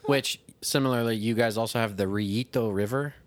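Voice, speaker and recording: A man's voice: medium pitch, brisk. A man from Missouri co-hosting a podcast, telling stories loosely with lots of filler words. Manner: storytelling, filler-heavy. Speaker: podcast co-host. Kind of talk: casual chat.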